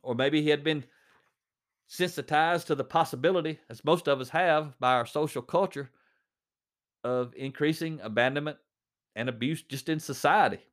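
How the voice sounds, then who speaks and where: A man's voice: on the high side, moderate pace. A man reading a story aloud, then commenting on it conversationally with fillers. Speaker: reader and commentator.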